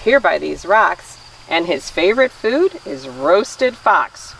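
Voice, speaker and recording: A woman's voice: lowish voice, big pitch swings, takes it slowly, gravelly, fairly bright tone, recorded from a distance, a little hiss or hum, pitched below the performer's own voice, full character voice, poor audio. A woman voicing a small, clever brown mouse in a picture-book reading, recorded outdoors. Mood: confident.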